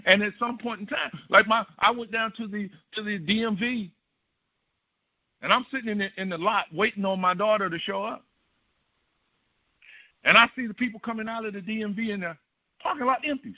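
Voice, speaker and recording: Middle-aged male pastor, a bit high in pitch, tells sermon stories and keeps asking the room questions; muffled, dry sound. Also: moderate pace, long pauses, no echo. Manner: asks the congregation rhetorical questions. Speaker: preacher. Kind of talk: storytelling sermon.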